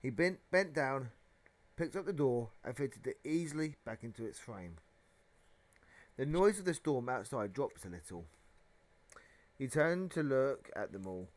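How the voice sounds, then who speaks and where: A man reading a children's novel aloud as narration, with a dramatic, expressive delivery. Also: mid-range voice, a little slow, long pauses. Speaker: audiobook reader. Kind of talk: storybook narration.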